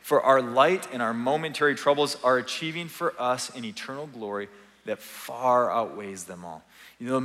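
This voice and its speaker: A man's voice: mid-range voice, fairly bright tone, in a large hall. A man speaking as a family pastor, giving an earnest, encouraging, conversational sermon. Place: church sanctuary.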